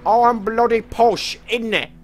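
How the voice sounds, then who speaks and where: A whiny, snooty posh Brit, put on by a man streaming a game with a wildly exaggerated fake British accent. The voice jumps way up high and stretches each word out slowly in a sing-song drawl. Faint music plays underneath. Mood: mock-snooty. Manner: drawn-out, sing-song mockery.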